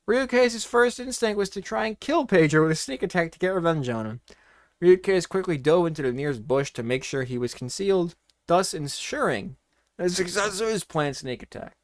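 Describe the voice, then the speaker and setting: A man's voice: on the high side, very animated, normal speed, no room sound, clean studio sound. A man reading a comedic story aloud in a playful, mock-dramatic way, breaking off for joking asides.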